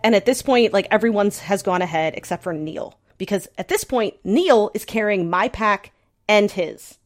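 A young woman casually telling a story on a podcast, full of fillers and restarts, breaking into squealing high bits as she acts out her own panic. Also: animated, moderate pace. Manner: frequent filler words, restarts. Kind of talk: casual chat.

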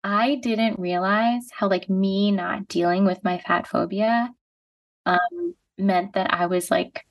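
A woman in her thirties from the United States, speaking at a middle pitch as a podcast guest. She talks reflectively and loosely, with plenty of "like", and sounds a little distant from the microphone. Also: slow. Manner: reflective, heavy use of "like". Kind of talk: casual conversation. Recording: voice a bit distant from the mic.

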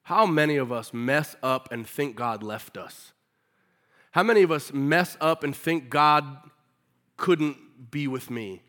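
A man preaching a sermon in a casual, animated way with everyday slang. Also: mid-range voice, slow.

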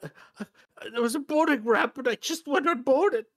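A man voicing a desperate one-footed male crewman who pleads and stammers in a high, strained voice. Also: a little fast, dry recording, studio quality. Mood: confused.

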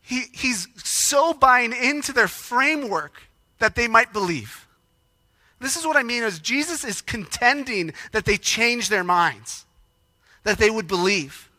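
A man preaching a sermon, emotional and animated, acting out quoted lines with rising intensity. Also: very high-pitched, unhurried, no room sound. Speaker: pastor.

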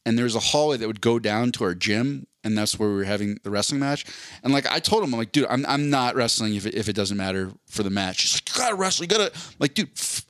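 A man's voice: mid-range voice, expressive, quick pace, a bit bright, dry recording, studio quality. A man in his forties telling a long story on a podcast, rambling and swearing, full of fillers and restarts. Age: 40s. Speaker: podcast host. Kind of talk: casual storytelling chat.

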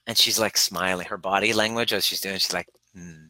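A man's voice: low voice, steady tone, a little fast, few pauses, pushed and bright, no echo, rough recording. A man working as a relationship coach who speaks earnestly and emphatically, retelling a client session in quoted dialogue and addressing the listener directly. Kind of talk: coaching talk to camera.

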